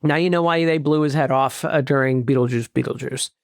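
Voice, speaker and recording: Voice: medium pitch, steady tone, brisk, dry recording, clean studio sound. Wry self-mocking podcast co-host. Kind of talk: casual movie-review chat.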